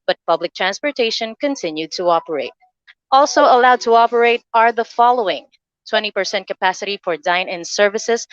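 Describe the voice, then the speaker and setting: A woman's voice: mid-range voice, no echo. Woman reading the news, dry and lo-fi. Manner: steady, measured news reading. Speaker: news presenter. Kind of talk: read news bulletin. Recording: dry, dull lo-fi sound.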